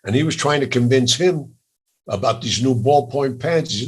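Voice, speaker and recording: An older man with a raspy voice, telling lively jokey stories as an interview guest. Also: medium pitch, normal speed. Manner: animated, jokey, laughs through stories. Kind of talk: storytelling in a casual interview.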